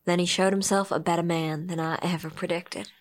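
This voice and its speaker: A woman's voice: on the low side, little pitch movement, brisk. A young woman narrates her own story in the first person. She speaks with earnest, emotional conviction. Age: young adult. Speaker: narrator and protagonist.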